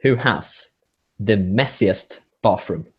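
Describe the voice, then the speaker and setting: Sex: Man. Role: quizmaster reading questions. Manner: measured and amused. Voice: low and husky. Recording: dull, lo-fi online call. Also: animated. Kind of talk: casual quiz banter.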